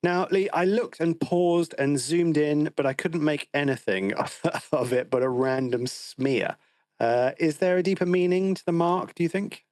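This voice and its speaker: A man co-hosting a film podcast recaps the plot with wry teasing in a casual discussion. His slightly high voice is a little mellow and measured in pace, with no echo.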